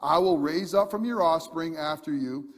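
Earnest high-voiced man preaching in a reverberant hall. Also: moderate pace. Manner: earnest, emphatic, conversational with many fillers and restarts. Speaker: pastor. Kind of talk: sermon.

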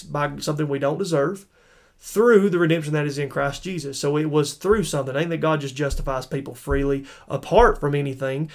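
Casting: male Bible teacher, slightly higher voice, relaxed and conversational, repeats himself to stress a point. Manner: conversational, thinks aloud, repeats words for emphasis. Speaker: preacher teaching scripture. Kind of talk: informal verse-by-verse Bible teaching.

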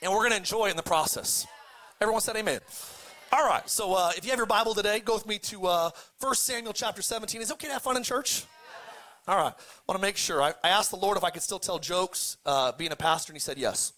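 Speaking fast in a sharp, high-sitting voice, a man delivers a sermon as pastor. Jokes and laid-back scripture retellings fill it, and he has the congregation echo words back in call-and-response.

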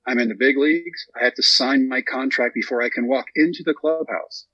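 Husky storytelling man, dry and muffled. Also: mid-range voice, brisk, no echo. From Texas. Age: 30s. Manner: animated storyteller acting out quotes. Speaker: guest. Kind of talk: storytelling interview.

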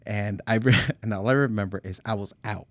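A man co-hosting a casual chat, a laid-back storyteller who drops low and quiet for setups. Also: fairly quick, no room sound. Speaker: podcast co-host.

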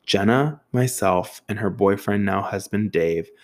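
A man's voice: on the low side, a little slow, darkish tone. A young man telling a casual, profane anecdote, acting out other people's voices and sound effects with a self-mocking manner. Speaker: storyteller.

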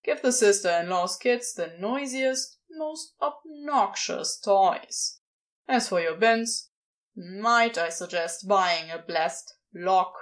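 A woman's voice: medium pitch, slow, lightly acted. A woman voicing an irritated, sarcastic male demon who scolds and mocks. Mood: scornful. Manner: exasperated, scolding.

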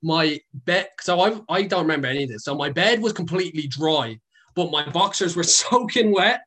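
A man's voice: fairly high pitch, lively intonation, normal speed, a bit bright. A young Irish man chatting as a guest, telling stories in a rambling way full of fillers and swearing. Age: young adult. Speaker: guest, content creator. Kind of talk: casual storytelling.

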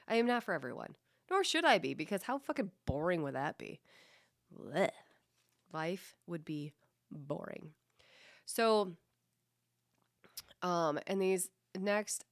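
A low-pitched woman with a smooth, resonant voice talks straight into a dry, close mic. She hosts her own podcast in a casual, profane and self-mocking way, joking about the kids she coaches. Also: no echo. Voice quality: voice described as a radio voice. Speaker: podcast host. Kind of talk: casual solo podcast monologue.

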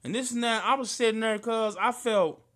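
Tearful high-voiced man telling a story. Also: normal speed, fairly bright tone. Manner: emotional, earnest, slangy storytelling. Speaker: friend in conversation. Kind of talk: casual heartfelt conversation.

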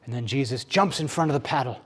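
A man's voice: quick pace, slightly rough. A middle-aged man preaching a sermon in a conversational, emotional storytelling manner. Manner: conversational, emotional storytelling with sudden rises in pitch.

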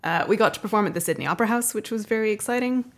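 A woman's voice: medium pitch, very fast. A woman in her thirties with a North American accent, a guest chatting casually, laughing often and using many fillers. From North America, half Canadian, half American. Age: 30s. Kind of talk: casual interview chat.

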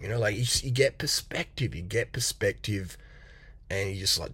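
A man's voice: on the low side, a little fast, fairly bright tone, husky, no room sound. A middle-aged man giving a blunt, profane motivational rant as a coach, mocking and laughing often. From Australia.

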